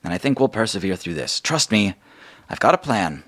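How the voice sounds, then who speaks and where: A man's voice: fairly low pitch, sing-song, brisk, fairly bright tone, voice pushed up. A man voicing an earnest woman guild leader in a tabletop game. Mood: urgent.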